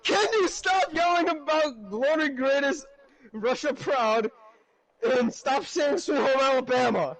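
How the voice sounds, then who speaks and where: Man voicing a fed-up neighbor, shrill and exasperated, yelling. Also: measured pace, full character voice, poor audio. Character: fed-up ordinary male neighbor, shouting.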